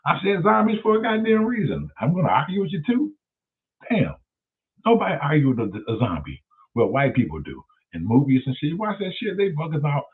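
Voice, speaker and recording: A man hosting his own show, telling stories in a profane, animated way. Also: fairly high pitch, fairly quick. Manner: profane, animated, loud storyteller. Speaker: show host. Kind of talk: casual livestream storytelling. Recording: tinny phone-like sound.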